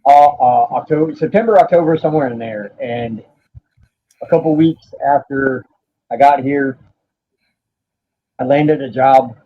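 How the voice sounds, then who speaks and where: A man appearing as a podcast guest struggles through a painful story of his own, swearing and breaking off at times to compose himself. He has a mid-range voice, captured in dull lo-fi audio.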